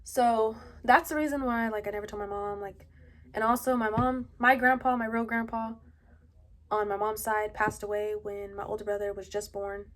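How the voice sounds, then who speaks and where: A young adult woman at home tells a personal story in a halting, casual way, full of fillers. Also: mid-range voice, fairly even intonation, fairly bright tone. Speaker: vlogger. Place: at home indoors.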